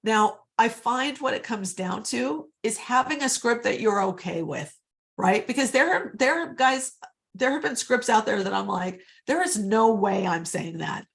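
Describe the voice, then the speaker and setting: A woman's voice: fairly high pitch, expressive, a little slow, creaky, fairly bright tone. A woman coaching real estate agents in a live online session, chatty and upbeat, often calling her audience guys, on a computer mic.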